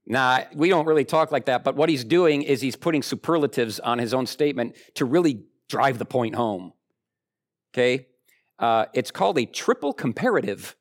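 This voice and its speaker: A man preaching a sermon in a conversational, animated way, swinging from excited highs to quiet low asides. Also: normal speed. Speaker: pastor.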